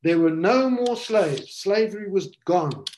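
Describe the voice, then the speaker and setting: A man's voice: high-pitched, expressive, darkish tone, slight background noise. Man preaching an emphatic sermon. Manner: emphatic preaching with dramatic pauses. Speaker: pastor.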